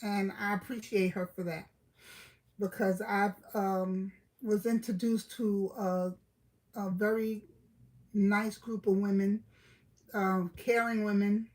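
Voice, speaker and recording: A woman's voice: medium pitch, level tone, slow, darkish tone, low-quality recording. A middle-aged woman from Brooklyn with a New York accent, chatting casually with live-stream viewers, greeting them by name and laughing often.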